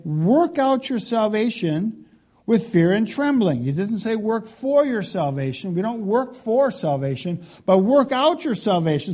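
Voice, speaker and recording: Male pastor, sermon, high voice, warm and mellow, emphatic, repeats words for stress. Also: very animated, unhurried. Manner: emphatic, swings from loud stresses to quiet pleading.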